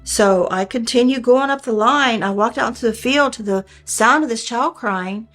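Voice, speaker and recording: An older woman earnestly recounts her near-death experience in plainspoken, folksy personal storytelling. Her voice is on the high side and a bit bright, at normal speed, with soft music in the background.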